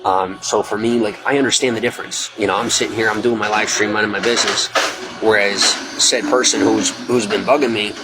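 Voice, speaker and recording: A man's voice: on the low side, fairly even intonation, a little fast, poor audio. A man talking at length on his own live stream, earnest and rambling with many restarts and fillers. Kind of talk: casual live stream monologue.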